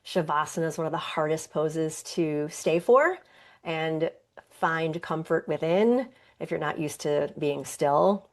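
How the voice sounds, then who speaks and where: Low-voiced woman hosting a wellness podcast. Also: a little mellow. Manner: earnest, conversational, with occasional laughs. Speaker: podcast host and yoga teacher. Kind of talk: reflective wellness talk.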